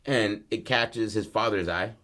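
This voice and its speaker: A male podcast host spins a story in casual, slangy talk, full of asides and restarts. His voice sits a bit low, and he gets animated as the tale heats up. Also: measured pace.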